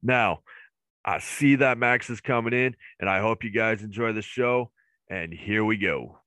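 A man's voice: lowish voice, unhurried, fairly bright tone, no room sound. A man from the northern United States hosting a casual podcast, chatty and jokey with lots of fillers. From northern US near Canadian border. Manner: rambling, filler-heavy, jokey. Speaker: podcast host.

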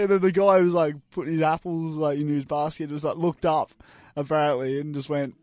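A man's voice: a little high, steady tone, brisk, darkish tone, no room sound. A young Australian man co-hosting a community radio show, telling rambling stories with lots of ums and giggles. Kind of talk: casual banter.

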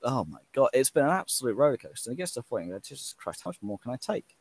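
A man's voice: mid-range voice, very animated, racing, darkish tone, breathy edge. Earnest man in his thirties. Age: 30s. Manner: earnest, heartfelt, raises his voice when quoting himself. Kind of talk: casual chat.

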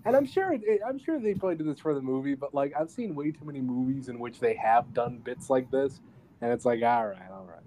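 A man co-hosting a podcast, casually retelling a film in animated fashion and slipping into quick voice impressions. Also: mid-range voice, slight background noise. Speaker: podcast co-host reviewing a film. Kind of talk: casual chat.

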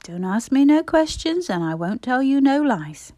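Blunt housemaid, curt and louder, read by a woman. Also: high-pitched, very animated, normal speed, no room sound, pitched above the performer's own voice. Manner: blunt, clipped. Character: servant woman, blunt and homely.

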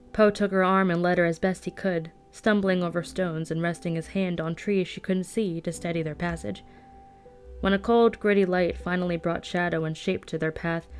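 A woman reading a novel aloud at a steady storytelling pace. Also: lowish voice. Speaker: audiobook reader. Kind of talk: scripted narration.

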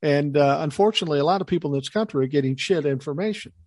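An older man spins a story in casual conversation, his voice sitting a bit high. He is animated and slips into the voices of the people he quotes. The sound is dry and close. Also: racing, no echo.

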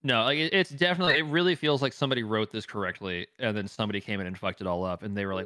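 Man, quick talker, bright tense voice, dry close sound, animated profane ranting. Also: fairly low pitch, no room sound. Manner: fast, animated, profane ranting with acted-out quotes. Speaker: podcast co-host. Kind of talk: casual chat reviewing a show.

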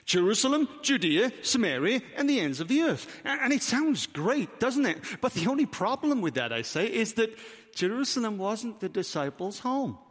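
A man's voice: high voice, big pitch swings, normal speed, a bit bright. A man with a Welsh accent, preaching a sermon as pastor, emphatic and full of rhetorical questions. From Wales. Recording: reverberant hall.

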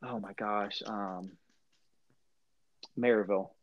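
A man's voice: fairly low pitch, takes it slowly. Young Midwestern man with a twang, muffled. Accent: rural Midwestern US, slight country twang. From Central Illinois. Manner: animated storyteller, laughs often. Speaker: podcast guest, former basketball player. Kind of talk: casual chat. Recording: dull, muffled audio.

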